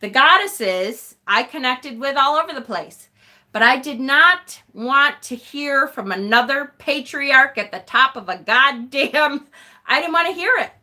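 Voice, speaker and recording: A woman chats through a relaxed tarot live stream and reacts to her viewers' comments. She is blunt and swears freely, and laughs and sighs often. Her voice sits a little high, with a sharp, bright tone. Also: measured pace. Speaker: tarot channel host.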